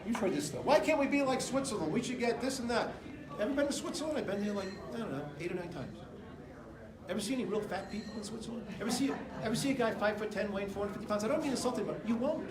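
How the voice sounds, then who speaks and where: A middle-aged man from the United States delivers an off-the-cuff campaign speech, his voice pitched notably high. He talks in a rambling, emphatic way, hopping from stories to statistics. The sound bounces around an echoey room. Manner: rambling, emphatic, jumps between anecdotes and numbers. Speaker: political candidate. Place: indoor room with an audience.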